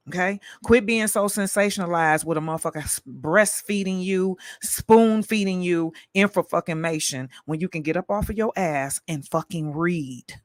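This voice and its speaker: A tired woman hosting a live stream, delivering a fiery, profane rant full of rapid-fire repetition. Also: on the low side, lively intonation, no room sound, studio quality.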